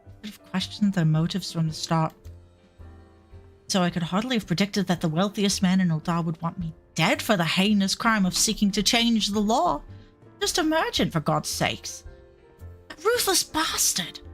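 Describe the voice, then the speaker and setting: A woman's voice: medium pitch, normal speed, soft background music, lightly acted. A woman voicing a harried male reformer in a put-on Cockney accent, agitated and given to cursing outbursts. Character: harried male reformer fleeing powerful enemies.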